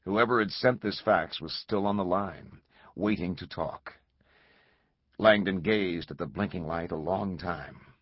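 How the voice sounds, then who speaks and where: Low husky guy narrating an audiobook, measured and dramatic, dry, a bit muffled. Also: dry recording. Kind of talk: scripted narration. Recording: slightly dull lo-fi recording.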